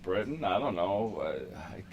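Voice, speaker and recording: A man's voice: low voice, sing-song, a little slow, lo-fi sound, slight background noise. A man in his thirties hosting a casual online chat, joking and laughing at his own guesses, talking through a headset. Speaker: host chatting with a stranger online. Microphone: headphones with push-to-talk.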